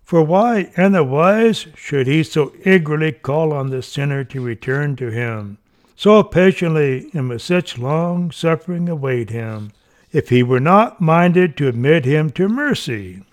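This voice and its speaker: A man's voice: on the high side, animated. A man reading an old sermon aloud in an earnest, fervent way, his voice rising on each plea. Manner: slow, earnest, fervent delivery with rising pleas. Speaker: reader.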